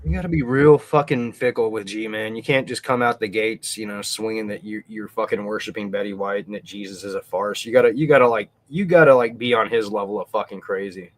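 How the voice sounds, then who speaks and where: A man's voice: on the low side, brisk, hardly any pauses. A man hosting a casual livestream, rambling and swearing crudely. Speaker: host.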